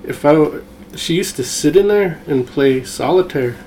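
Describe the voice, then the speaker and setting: A man hosting a podcast, chatting in a relaxed, reminiscing way. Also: a little high, moderate pace, a little hiss or hum, poor audio. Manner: relaxed, reminiscing, backchannels often. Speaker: podcast host. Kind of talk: casual conversation.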